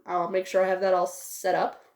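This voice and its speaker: A woman's voice: on the low side, monotone, normal speed, darkish tone. Rambling woman reviewing a movie, echoey room. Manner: rambling, with many fillers. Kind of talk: casual spoken movie review.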